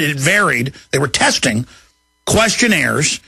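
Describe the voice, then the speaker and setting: A man, hosting a talk radio show in an angry, emphatic rant that climbs into shouting. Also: fairly high pitch, expressive, moderate pace, vocal fry, husky, dry recording, studio quality. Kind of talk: ranting talk radio monologue.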